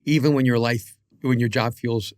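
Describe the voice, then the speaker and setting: A man co-hosting a podcast, giving earnest, reflective advice with halting restarts. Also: mid-range voice, fairly even intonation, no room sound, studio quality. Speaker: podcast co-host.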